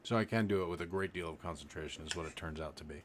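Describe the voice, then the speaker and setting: A man with a very low voice guides a breathing exercise over a live stream. He talks in a loose, rambling way, demonstrating as he explains. A faint hiss sits under the recording. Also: very fast. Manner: relaxed, rambling, demonstrates while talking. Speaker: livestream meditation teacher. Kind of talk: casual live-stream instruction.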